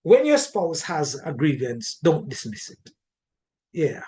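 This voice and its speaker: A man with a Jamaican accent giving an animated teaching talk on marriage, often repeating words and restarting his sentences. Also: a little high, slow pace. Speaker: relationship teacher.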